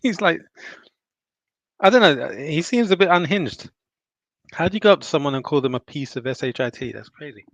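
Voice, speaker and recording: A man's voice: a little high, lively intonation, moderate pace, long pauses, dry recording. A man hosting a live stream, chatting casually and laughing as he reacts to a video while eating. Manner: chatty, laughs often, stops to rewind. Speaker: livestream host reacting to a video. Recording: dull lo-fi dry mic.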